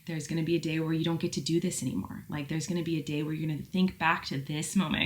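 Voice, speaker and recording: A woman vlogger in her thirties chats candidly to her viewers. Her voice sits a touch low, and her talk runs loose and rambling with plenty of filler words. She gets open and emotional as she goes. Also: fairly even intonation, fast, few pauses. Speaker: vlogger answering viewer questions. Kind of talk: casual chat to camera.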